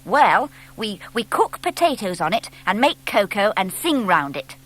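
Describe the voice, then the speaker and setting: A woman playing a cheerful, confident young boy scout who talks briskly and bossily. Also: medium pitch, sing-song, fairly bright tone. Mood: jolly.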